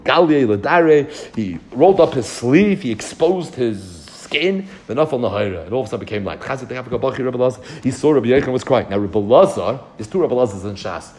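A man teaching a Talmud lesson, reading Aramaic phrases and explaining them in English, retelling the dialogue with lively swings of voice. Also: a little high. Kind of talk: daf yomi lecture.

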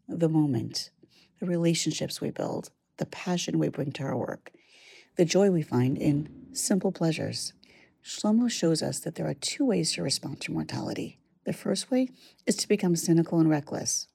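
A low-pitched woman with a husky, dark tone delivers a study lesson. She speaks in a measured, reflective way and weaves Hebrew verses into her English. The recording is dry and close. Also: no room sound. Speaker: Torah study teacher.

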